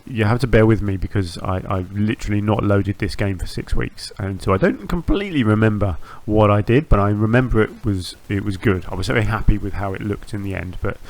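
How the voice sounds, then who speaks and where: A man with a fairly low voice hosts his gaming channel, chatting easily through his build as he plays. He wanders from thought to thought, trips over his own phrases and restarts them, and fills the gaps with ums and uhs. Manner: rambling, self-correcting, with frequent ums and restarts. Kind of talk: relaxed gameplay commentary.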